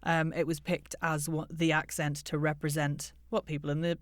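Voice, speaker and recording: British voice coach chatting on a podcast, mid pitch, dry close sound. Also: normal speed, no echo. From United Kingdom. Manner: explanatory, animated, jokey asides. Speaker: podcast co-host, voice and accent coach. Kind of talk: casual interview chat.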